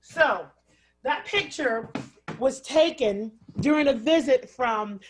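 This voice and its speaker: A woman's voice: sits high, expressive, slow pace, a little hiss or hum. A woman political activist guesting on a radio talk show, assertive and dramatic, asking rhetorical questions. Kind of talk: radio interview.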